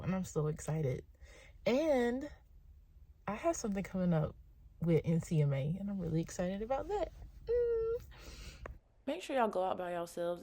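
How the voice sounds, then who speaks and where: A woman in her thirties, a cowgirl and mother, chatting to viewers in a casual vlog, excitable and calling her audience y'all. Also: fairly low pitch, a little hiss or hum. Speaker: vlogger, cowgirl. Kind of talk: casual vlog narration to camera.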